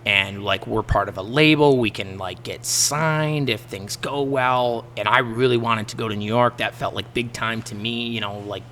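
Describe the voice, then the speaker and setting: A man's voice: mid-range voice, normal speed, hardly any pauses, slight background noise. A man, a musician guest on a podcast, telling stories casually and acting out the people in them. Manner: animated, laughs often, acts out the people in his stories. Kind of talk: casual storytelling in a podcast interview.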